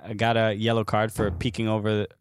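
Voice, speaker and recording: A man's voice: lowish voice, flat delivery, a little fast, a little hiss or hum. A young man from the United States, co-hosting a casual soccer podcast, telling a rambling story full of fillers and laughter. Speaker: podcast co-host. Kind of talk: casual chat.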